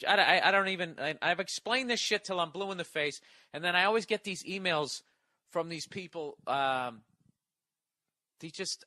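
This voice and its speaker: A man's voice: fairly high pitch, bright, forceful tone, dry recording. A man delivering a profane, exasperated comedy rant as a podcast host, often stammering through restarts. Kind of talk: ranting comedy monologue.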